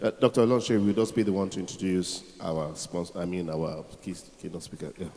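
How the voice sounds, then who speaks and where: A man's voice: deep voice, little pitch movement, a little fast, darkish tone. A man hosting a live conference event, rallying the audience to applaud guests. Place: large conference hall. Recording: echoey hall, faint crowd ambience.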